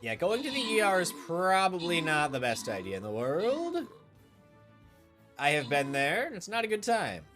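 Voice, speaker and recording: Brief: casual young male game streamer, chatty, animated pitch, trails off quietly. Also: normal speed, soft background music. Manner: chatty, thinking aloud, often trailing off quietly. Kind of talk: casual live game commentary.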